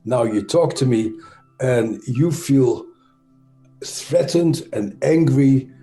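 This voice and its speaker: Mellow Dutch-accented man explaining slowly. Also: medium pitch, reverberant, faint music behind. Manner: thoughtful, halting, frequent "uh" and self-corrections. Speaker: interview guest, trauma expert. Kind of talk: conversational explanation.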